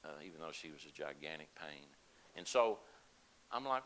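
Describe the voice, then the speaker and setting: A man's voice: very deep voice, animated, moderate pace, a bit bright, slight background noise, rough recording. An older man telling a personal story to a congregation in a folksy, conversational way. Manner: folksy, conversational, with laughs and asides. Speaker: lay speaker at a church service.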